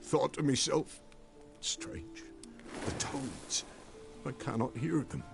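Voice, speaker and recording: An actor playing a shaken male villager with a rustic dialect, speaking grimly of a massacre over loud game music. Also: mid-range voice, lively intonation, slow, creaky. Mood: haunted. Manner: rustic dialect, pleading and grim.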